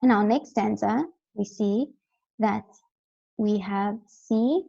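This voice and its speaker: A woman's voice: mid-range voice, takes it slowly, gravelly, warm tone, husky, highs cut off. A woman teaching a recorded lesson, explaining step by step and often checking in with "right?".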